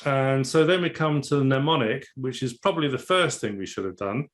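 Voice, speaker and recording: A man talks through the meaning of a tarot card in a relaxed, explanatory way. He pauses, restarts his phrases and slows down when quoting verse, his voice sitting at an ordinary middle pitch. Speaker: tarot teacher. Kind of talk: casual explanatory discussion.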